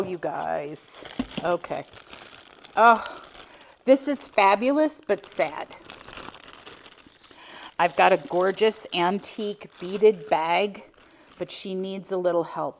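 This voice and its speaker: A woman's voice: mid-range voice, slight background noise. A middle-aged woman chatting casually as she unboxes vintage finds, gushing and exclaiming often.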